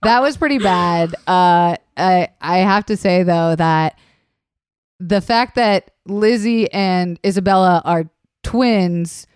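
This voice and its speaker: A woman's voice: fairly low pitch, slow, a little mellow, smooth, dry recording, studio quality. A woman co-hosting a podcast in casual chat, teasing and playfully crude. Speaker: podcast co-host.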